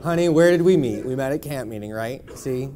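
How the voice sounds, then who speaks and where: A man's voice: mid-range voice, lively intonation, fairly quick, mellow. A man in his thirties from Buffalo, New York, giving a personal testimony in church with a wry, conversational storytelling manner. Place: church sanctuary.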